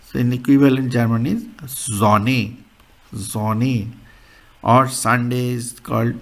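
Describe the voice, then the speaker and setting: A man teaching a beginner language lesson, explaining sounds in a halting way and repeating words. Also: mid-range voice, little pitch movement, vocal fry.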